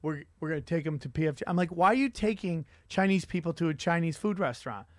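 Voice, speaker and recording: A man hosting a podcast, telling stories in an animated, profane comedic rant. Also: a little high, fast, no echo, studio quality. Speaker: podcast host.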